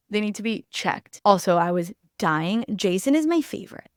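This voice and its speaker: A young woman hosting a podcast, giving blunt, animated opinions in casual chat, swearing freely and saying "like" often. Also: medium pitch, moderate pace, dry recording, studio quality. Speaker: podcast host.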